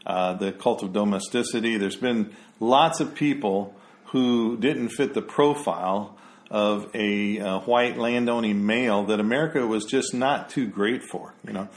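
A man's voice: fairly low pitch, measured pace. Rambling man, heavy with fillers. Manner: rambling, many fillers, grows heated. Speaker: podcast co-host. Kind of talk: casual conversational discussion.

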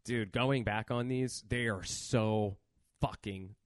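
A man's voice: lowish voice, fairly even intonation, slow, no echo, studio quality. Profane ranting male podcast host. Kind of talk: casual horror movie review chat.

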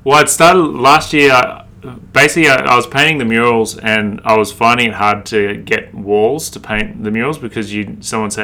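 A man's voice: medium pitch, fairly even intonation, normal speed, creaky, pushed and bright. A man in his thirties with an Australian accent, a street artist chatting laid-back and swearing freely in an interview. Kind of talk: casual interview chat.

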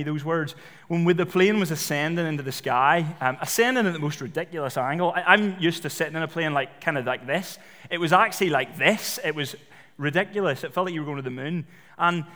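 Male preacher, slightly high voice, chatty storytelling sermon, long church hall reverb. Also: fairly bright tone. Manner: conversational storytelling with fillers. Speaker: pastor.

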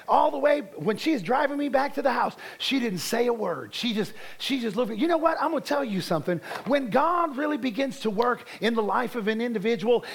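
High-voiced fervent male preacher. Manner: fervent, repeats words when building a point. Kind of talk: sermon with personal testimony.

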